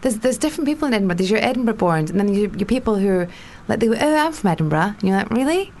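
A woman's voice: medium pitch, very fast, darkish tone, slight background noise. A woman from South Africa, a guest in a casual political chat, talking chattily and laughing easily.

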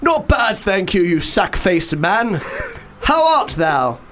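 A man's voice: high-pitched, sing-song, slow, fairly bright tone, slight background noise, exaggerated voice. A man voicing a cheery, pompous male sun in a comic radio sketch, speaking in a theatrical, mock-archaic way. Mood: jolly teasing.

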